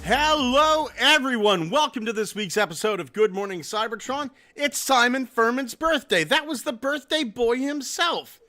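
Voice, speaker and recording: A man's voice: very high voice, expressive, moderate pace, few pauses, bright, forceful tone, soft background music. A man hosting a casual podcast, laughing and swearing as he chats with guests. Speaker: podcast host. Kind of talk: casual chat.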